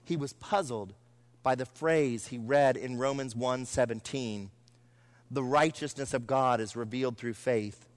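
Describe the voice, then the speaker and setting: Middle-aged pastor guy preaching a sermon in church, earnest, speeds up and slows down, mid-pitched voice. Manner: earnest preaching with varied pace and emphasis. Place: church sanctuary.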